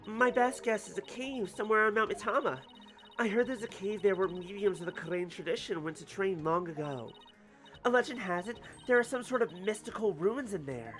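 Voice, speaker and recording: A performer voicing a timid, gentle young woman in a fan voice-over of a story game, speaking softly. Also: medium pitch, fairly quick, faint music behind, close to an everyday voice. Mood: earnest.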